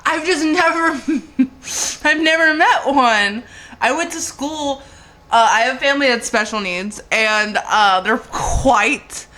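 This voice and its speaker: Bright-voiced giggly woman comedian. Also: high voice, slow pace. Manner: giggly, protesting denials. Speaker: comedian guest. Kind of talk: casual comedic chat.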